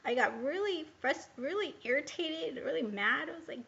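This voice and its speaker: A woman talks to her camera in a loose, rambling way, circling back on herself with lots of fillers. Her voice sits a bit high and has a gravelly fry running through it. The recording is dull and lo-fi. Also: expressive, a little slow, few pauses, pushed and bright. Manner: rambling and candid, full of hesitations and "like". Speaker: vlogger. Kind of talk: casual personal storytelling to camera.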